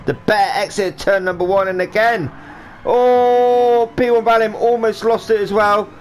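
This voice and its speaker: With a high-pitched voice, little pitch movement, and a slightly fast pace, a man commentates live on a sim race he is also driving in. He rambles, cracks jokes, and does silly voices for the drivers, with a faint hum of game sound behind him.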